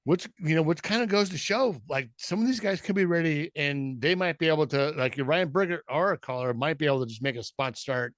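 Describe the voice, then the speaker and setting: Chatty man with a slightly high voice. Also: no room sound, clean studio sound. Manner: halting, repeats words, chatty and earnest. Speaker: podcast co-host. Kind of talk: casual sports chat.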